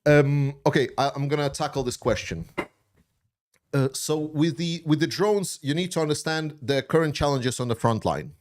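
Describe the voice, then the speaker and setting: A man's voice: on the high side, normal speed. A man hosting a commentary channel, answering viewer questions in an unscripted stream. He talks bluntly and heatedly, swears often and has slightly non-native grammar.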